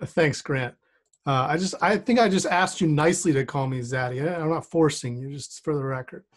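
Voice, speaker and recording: Storyteller, man, slightly high voice, loose conversational delivery with restarts. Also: moderate pace. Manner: conversational, self-deprecating, with many restarts. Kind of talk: personal storytelling on a streamed show. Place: remote setup with a rained-on playground backdrop.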